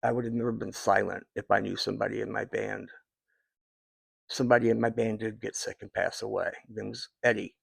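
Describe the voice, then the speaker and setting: Gravelly-voiced man in his fifties. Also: fairly low pitch, flat delivery, brisk, no room sound. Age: 50s. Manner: rambling and heartfelt, with many fillers and restarts. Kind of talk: casual personal talk to viewers.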